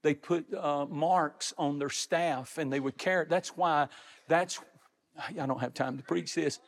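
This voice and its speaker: High-voiced preacher in a hall. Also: male voice. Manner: preaching, rising to shouts, drawn-out phrases. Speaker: pastor. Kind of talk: sermon. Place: large church sanctuary. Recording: reverberant hall. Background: congregation.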